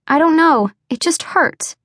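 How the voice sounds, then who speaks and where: A woman reading an audiobook, voicing a bubbly, nervous young pregnant woman who talks in a high, excitable rush. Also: a little slow, no room sound, clean studio sound. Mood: excitable, anxious. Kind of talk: audiobook character voice.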